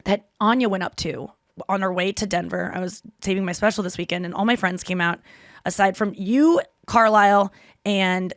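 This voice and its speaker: A woman's voice: mid-range voice, steady tone, dry recording. Chatty woman podcast host, dry sound. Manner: chatty storyteller, quick asides and self-corrections. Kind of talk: casual chat.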